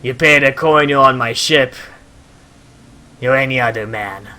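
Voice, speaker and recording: A man voicing a blunt, mercenary ship captain who talks rough and curt. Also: mid-range voice, unhurried, bright, forceful tone. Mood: dismissive. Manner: blunt, rough-spoken, swears. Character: gruff male sailor, curt and mercenary.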